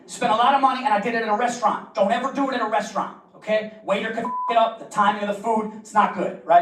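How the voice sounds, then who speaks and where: A male stand-up comic telling stories in a loose, conversational way, often mocking himself. His voice sits a bit high, and it is heard from a distance, echoing through the room with faint background noise. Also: quick pace. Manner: conversational storytelling, self-mocking asides. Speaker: stand-up comedian. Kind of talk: stand-up set.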